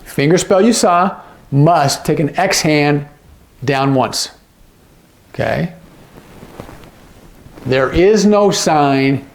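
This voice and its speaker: A man teaching sign language phrases, patiently repeating each phrase and often checking in with the viewer. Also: on the high side. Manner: repeats phrases slowly, gloss by gloss. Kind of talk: instructional explanation.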